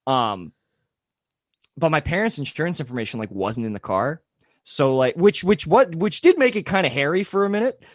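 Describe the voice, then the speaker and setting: A man's voice: on the high side, sing-song, moderate pace, no room sound, studio quality. A young man telling a long story in casual podcast chat, full of fillers and swearing. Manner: rambling, filler-heavy, swears freely. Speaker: podcast co-host.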